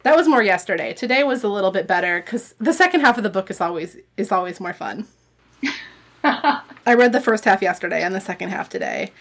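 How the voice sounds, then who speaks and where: A woman's voice: medium pitch, lively intonation, fairly quick, a bit bright. A woman in casual book discussion, rambling and hesitant, full of "like" and "I don't know". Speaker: book podcast co-host.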